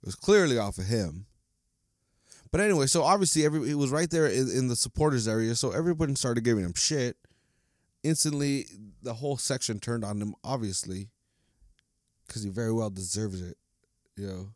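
A man hosting a casual solo podcast, venting in a profane, rambling way. His pitch sits in an ordinary middle range. The sound is dry and close, with no room around it. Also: a little fast, darkish tone, no room sound. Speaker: podcast host.

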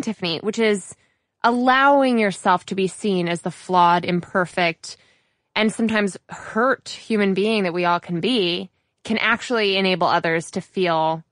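A woman hosting an interview podcast, talking in an animated, emphatic way. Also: medium pitch, normal speed, dry recording, clean studio sound. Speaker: podcast host. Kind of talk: casual interview chat.

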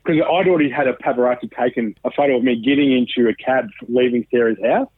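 A man's voice: medium pitch, fast talker, few pauses. A man with an Australian accent calls in over a thin, phone-like line with no room echo. He tells his story casually and candidly, swearing freely and animating his retelling. He sounds like a man in his thirties. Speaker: guest. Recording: dry, tinny phone line.

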